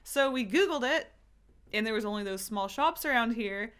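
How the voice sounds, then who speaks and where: Chatty bright-voiced woman podcaster. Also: on the high side, animated, moderate pace, clean tone. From United States. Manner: chatty, filler-heavy, laughs often. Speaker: podcast co-host. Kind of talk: casual chat. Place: apartment.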